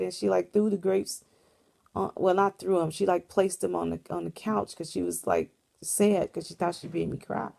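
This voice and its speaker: A woman with a fairly low, gravelly voice tells a dream to the camera, rambling and earnest. She talks casually, like a vlogger speaking off the cuff. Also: steady tone, moderate pace, mellow. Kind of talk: casual spoken recounting of a dream.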